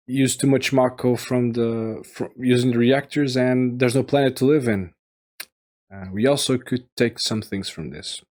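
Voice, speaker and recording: Brief: unhurried male reviewer, mid-range voice, stumbling and restarting as he thinks aloud. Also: medium pitch, a little mellow. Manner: halting and rambling, many fillers and restarts. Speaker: video game reviewer. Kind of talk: casual solo commentary.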